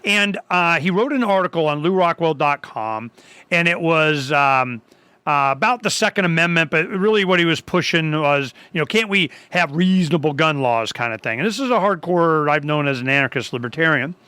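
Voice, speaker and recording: A man hosting a talk radio show, his voice pitched high and bright. He rambles loosely, stumbles over restarts, and leaps into animated quoted dialogue. The sound is close and dry. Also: normal speed, clear, resonant tone, no echo. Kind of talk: casual talk radio conversation.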